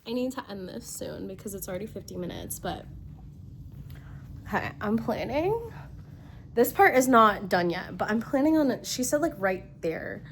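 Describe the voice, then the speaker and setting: A woman's voice: mid-range voice, lively intonation, moderate pace, creaky, slight background noise. A young woman vlogging casually at home, rambling and giddy, with lots of fillers and squeals while she builds furniture. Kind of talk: casual storytime chat. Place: home room, indoors.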